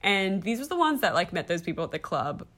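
A young woman co-hosting a podcast, chatting excitedly and gossiping about reality television, swearing freely. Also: fairly low pitch, brisk. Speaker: podcast co-host. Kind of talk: casual chat.

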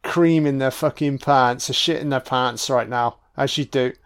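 A man's voice: mid-range voice, steady tone, normal speed, smooth. Sweary man reacting to a film. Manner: sweary, exclaiming reactions at the screen. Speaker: film commentator. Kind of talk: casual audio commentary.

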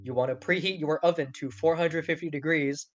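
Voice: mid-range voice, brisk. Swearing, laughing podcast co-host. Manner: profane, rambling, laughs often. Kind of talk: casual chat.

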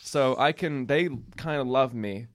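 A young man hosts a casual chat show, telling a winding story at an ordinary pitch. He rambles, laughs often, and loses his thread before picking it up again. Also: measured pace. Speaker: podcast host.

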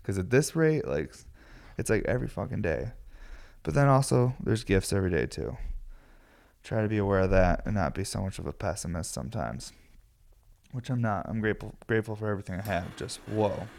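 A man in his thirties, tired and a bit raspy, rambling casually and swearing freely as he hosts a podcast from his glass studio. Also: lowish voice, lively intonation, fairly quick, a little mellow. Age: 30s. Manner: rambling, profane, laid-back.

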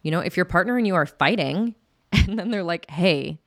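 A woman's voice: lowish voice, expressive, fairly quick, no echo, clean studio sound. A woman explaining sex and attraction in a candid, chatty way as an educator, acting out quotes with laughs. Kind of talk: casual educational talk to camera.

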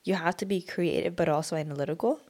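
Young woman on a podcast, lowish voice, laid back and playful. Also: quick pace, a little mellow. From Sweden. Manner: easygoing, playful, chatty. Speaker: podcast co-host. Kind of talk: casual chat.

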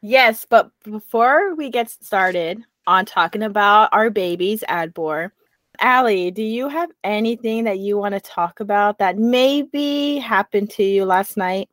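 A woman's voice: medium pitch, measured pace, a bit bright, no echo. A young woman co-hosting a podcast, chatting casually and telling a rambling story while laughing easily. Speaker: podcast co-host. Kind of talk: casual chat.

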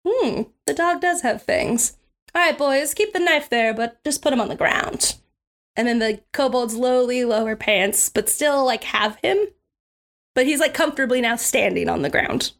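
A high-voiced woman runs a tabletop game as its narrator. She talks in a lively way and laughs often as she describes the scene. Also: moderate pace. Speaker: game master.

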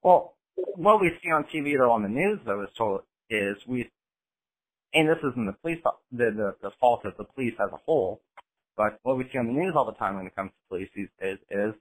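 A man's voice: medium pitch, expressive, fairly quick, low-quality recording. A man from the United States talking bluntly and with energy in a casual podcast conversation, swearing freely as he goes.

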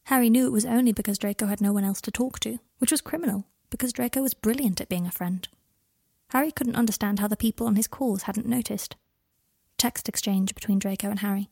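Reading fan fiction aloud from a script, this woman handles both characters' lines and texts in a single voice. Her mid-range voice is dark, a touch fast, fairly flat in intonation, and carries some vocal fry. It's a dry, clean studio recording.

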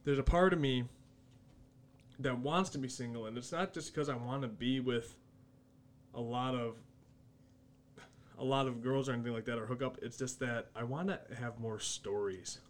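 A man's voice: mid-range voice, steady tone, moderate pace, long pauses. Laid-back man chatting casually. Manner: laid-back, profane, reflective. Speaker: podcast co-host. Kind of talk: casual podcast chat.

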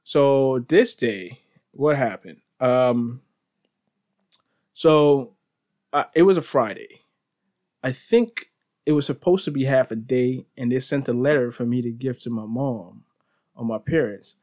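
A man's voice: medium pitch, takes it slowly, long pauses, darkish tone. A man hosting a podcast, telling casual stories in a rambling way with restarts, laughter and "bro". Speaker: podcast host. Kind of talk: casual storytelling.

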